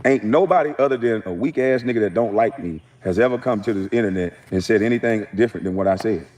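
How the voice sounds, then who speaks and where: Man, blunt storyteller, dismissive, mellow mid voice. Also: on the low side, fast talker, a little hiss or hum. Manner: blunt, dismissive, matter-of-fact. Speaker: former athlete in a played clip. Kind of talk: defiant storytelling.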